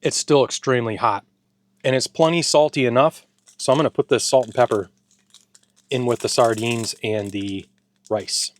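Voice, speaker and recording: A man's voice: mid-range voice, fairly even intonation, moderate pace, no room sound. Enthusiastic man tasting food. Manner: enthusiastic, talks with his mouth full. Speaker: food reviewer. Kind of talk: casual taste-test vlog. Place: home garage.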